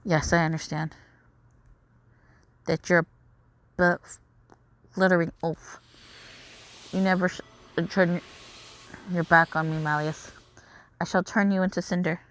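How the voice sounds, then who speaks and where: A woman's voice: fairly low pitch, fairly even intonation, unhurried, pauses often, close to an everyday voice. A woman reading the lines of an obsessed adult male villain mage, with grandiose, vengeful declarations. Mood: bitter.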